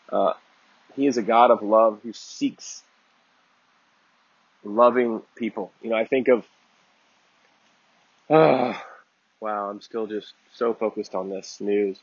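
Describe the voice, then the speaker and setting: A man's voice: medium pitch, slightly rough, no echo, highs cut off. A man giving a conversational Bible teaching talk, earnest and digressive, often restarting his sentences.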